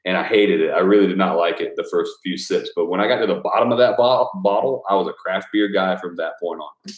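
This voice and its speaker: A man's voice: low-pitched, fairly quick, roomy sound. A man chatting casually with his supporters, loose and profane, rambling and laughing often. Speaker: YouTube creator thanking patrons. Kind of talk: casual live chat with supporters.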